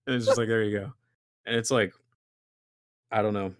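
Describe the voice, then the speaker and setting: A man's voice: mid-range voice, fairly even intonation, brisk, pauses often, dry recording, studio quality. A young man, a musician guest, talking casually in a rambling, swearing way with lots of fillers. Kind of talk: casual interview chat.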